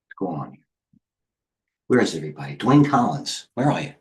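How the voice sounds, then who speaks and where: A middle-aged man hosting a live trading stream, talking fast and excitably as he flips through charts and speaks to viewers in the chat. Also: low-pitched. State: out of breath. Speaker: host and head trader.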